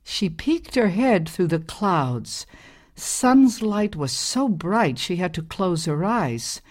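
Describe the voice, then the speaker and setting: A woman reading a storybook aloud in a calm, gentle, measured way. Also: fairly low pitch.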